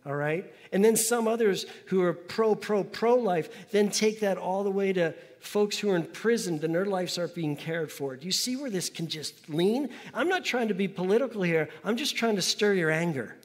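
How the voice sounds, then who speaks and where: A man's voice: sits high, lively intonation, normal speed, few pauses. A man preaching a conversational sermon in a church, asking the congregation to repeat words after him. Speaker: pastor. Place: church sanctuary. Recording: long hall reverb.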